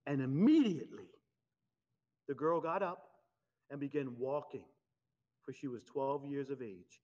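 A man preaches in a lively, conversational way, his voice sitting a bit higher than most men's. The recording sounds dull and lo-fi. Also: a little slow. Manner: animated, conversational preaching with laughs and acted-out quotes. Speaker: pastor. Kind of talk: sermon.

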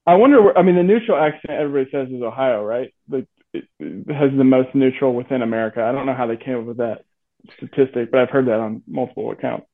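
A man's voice: mid-range voice, fast talker, vocal fry. Man on a tinny, phone-like line. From Atlanta, Georgia. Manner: conversational, thoughtful, hedging with likes. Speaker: podcast host. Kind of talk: casual podcast chat.

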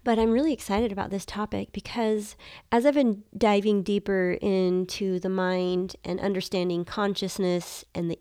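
A woman's voice: medium pitch, vocal fry, a little mellow, clean tone, dry recording, clean studio sound. A woman in her thirties hosting a podcast, talking with a nasal voice from a cold, eager and reflective. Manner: enthusiastic, reflective. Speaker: podcast host. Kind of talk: casual solo podcast talk.

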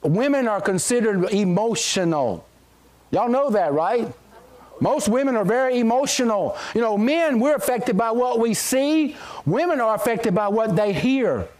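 Man, middle-aged pastor, high voice, very animated pitch, folksy joking sermon. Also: unhurried. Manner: folksy, joking, calls out amen to the congregation. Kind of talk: sermon with scripture reading and prayer.

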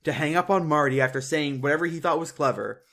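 A young man co-hosting a podcast in casual chat, animated, laughing often and doing mocking impressions. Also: a little high, quick pace. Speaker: podcast co-host.

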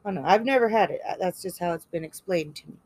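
A woman's voice: on the low side, fast, a little mellow, a little hiss or hum. A woman co-hosting a horror podcast, easygoing and often laughing as she explains. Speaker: podcast co-host. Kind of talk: casual chat.

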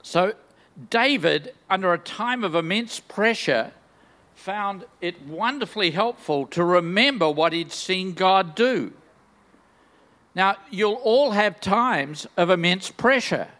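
A man's voice: high-pitched, lively intonation, slow pace, a bit bright. An older man preaching a sermon in a large church, enthusiastic and full of joking, self-deprecating asides. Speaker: guest preacher.

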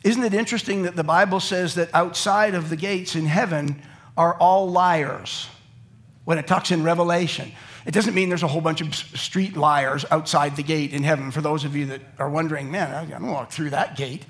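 A middle-aged pastor with a somewhat high voice preaches at a moderate pace to a live church congregation. He's a lively storyteller, cracking jokes and acting out quotes and little scenes along the way.

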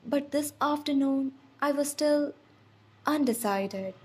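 A woman reading an audiobook, voicing a tender, restrained, teasing young man who has lived for a century, in soft murmurs. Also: high voice, slow pace. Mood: earnest.

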